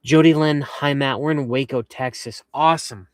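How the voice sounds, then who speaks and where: Reading viewer comments from his camper van, a young vanlife livestream host from western Massachusetts chats in a rambling, upbeat way. His mid-range voice keeps a fairly even intonation at a moderate pace, with no room sound.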